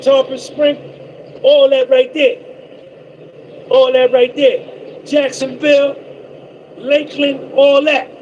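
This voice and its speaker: A man with a New Jersey accent and a strikingly high voice talks casually on a live stream, boastful and repeating his lines, giving shout-outs. The sound is dull and lo-fi, with faint noise behind him. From North Jersey, USA. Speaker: trucker livestream host.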